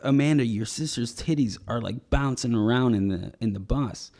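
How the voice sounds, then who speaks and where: A man's voice: mid-range voice, normal speed, a little mellow. A young man on a podcast, telling a rambling comedic story, laughing often and acting out the voices of people in it. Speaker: podcast co-host.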